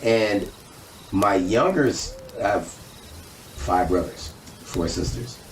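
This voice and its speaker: Deep-voiced man telling a story. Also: takes it slowly. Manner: animated, acts out quoted dialogue. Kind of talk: casual storytelling. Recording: echoey room, distant mic, noisy.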